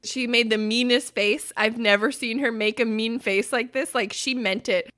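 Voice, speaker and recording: Bright-voiced woman podcast host. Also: on the high side, normal speed. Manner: animated storytelling, breaks into loud laughter. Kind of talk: casual podcast chat.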